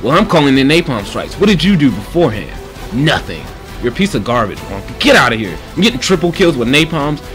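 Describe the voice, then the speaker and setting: A man voicing his own cocky, bullying alter ego, taunting in a low growl over gameplay. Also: very animated, quick pace, fairly bright tone, soft background music. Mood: gloating. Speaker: video game commentator.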